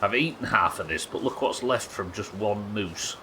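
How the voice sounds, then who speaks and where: A man's voice: fairly low pitch, normal speed, noisy background. A man from the United Kingdom chatting and joking casually while streaming a survival game, swearing now and then. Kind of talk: casual gameplay commentary.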